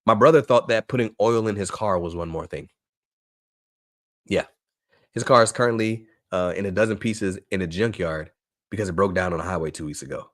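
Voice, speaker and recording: Man, low voice, dry sound, punchy motivational webinar presenter. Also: fairly quick, no echo. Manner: energetic, emphatic, repeats phrases for effect. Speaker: workshop presenter for teachers. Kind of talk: motivational live webinar talk.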